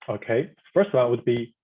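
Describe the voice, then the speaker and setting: A man teaching a pinyin pronunciation lesson, speaking haltingly with frequent restarts and repeated demonstration sounds. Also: medium pitch, slightly rough, phone-quality sound. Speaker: language instructor.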